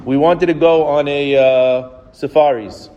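A man's voice: fairly high pitch, steady tone, a little slow, dark tone, in a large hall, dull audio. A man giving an informal Torah class, telling stories conversationally, often restarting his words and acting out the dialogue. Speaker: rabbi teaching a class.

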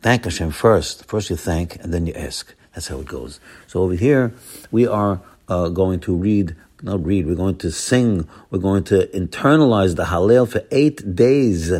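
A man teaching a Torah class as a rabbi, emphatic, swinging between loud exclamations and low murmurs and repeating words for stress. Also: unhurried, breathy edge.

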